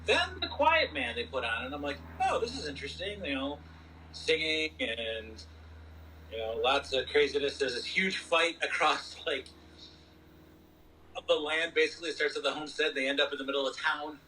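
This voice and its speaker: Casting note: bright-toned male podcast co-host, loose and rambling, a little distant from the mic. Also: a little high, expressive, normal speed, a little hiss or hum. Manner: rambling, many "you know" fillers. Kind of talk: casual movie review chat.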